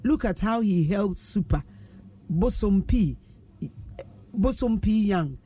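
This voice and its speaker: A woman's voice: medium pitch, expressive, takes it slowly, warm tone. A Ghanaian woman hosting a radio show, chatting playfully and reading out listener messages. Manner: playful, teasing, laughs often. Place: radio studio.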